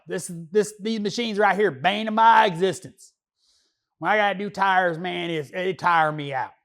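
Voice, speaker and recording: A man's voice: high-pitched, gravelly, heavily acted. A man playing a lazy male car mechanic who proudly dodges work, talking in a rambling, slangy, joking way with loose grammar. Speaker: auto mechanic. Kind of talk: comedy character monologue.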